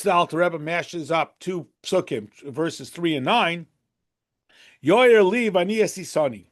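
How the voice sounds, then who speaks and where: With a voice that sits a little high, a man leads a lively Torah class in a conversational style, peppering it with rhetorical questions and acting out quotes in a raised voice.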